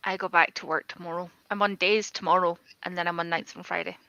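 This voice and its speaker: A woman's voice: on the low side, flat delivery, fast talker, gravelly, bright, forceful tone, low-quality recording. A woman guest on a video call, chatting casually in a blunt, matter-of-fact way. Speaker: guest in a reading sprint. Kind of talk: casual chat.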